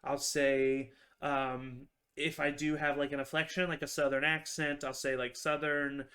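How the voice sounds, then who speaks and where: A man's voice: on the high side, level tone, measured pace, bright, forceful tone. A man, a tabletop game master, chatting casually on a video call, rambling with many fillers and restarts.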